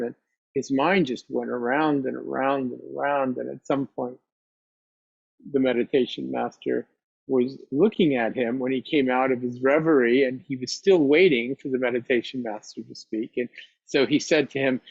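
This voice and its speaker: Unhurried man telling a teaching story. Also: mid-range voice, steady tone, gravelly, breathy edge, dry recording. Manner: unhurried, reflective, with soft laughs. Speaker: meditation teacher. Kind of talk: storytelling dharma talk. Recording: dry, slightly dull recording.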